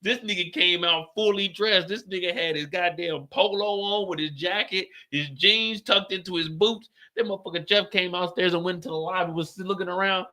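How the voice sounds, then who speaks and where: Animated middle-aged man, sharp bright voice. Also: sits high, moderate pace, hardly any pauses. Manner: animated, profane, acts out quotes in a raised voice. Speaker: streamer host. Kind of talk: casual storytelling.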